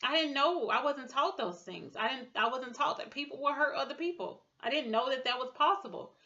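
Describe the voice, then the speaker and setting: A woman in her thirties giving an emotional personal testimony, halting and full of fillers and restarts. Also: sits high, animated, pushed and bright, lo-fi sound. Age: 30s. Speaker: speaker sharing a personal testimony.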